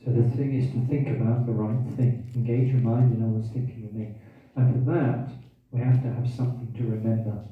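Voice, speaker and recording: A man's voice: mid-range voice, flat delivery, fairly quick, few pauses. A man giving a scripture class, quizzing the audience and repeating key phrases, with hiccups. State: has hiccups. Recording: tinny, distant, echoey room recording.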